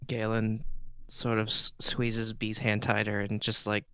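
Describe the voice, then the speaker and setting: A man player describes his character's actions in a tabletop game. His delivery is low and slow, with loose, hesitant phrasing. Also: completely flat delivery, sharp tone, slight background noise.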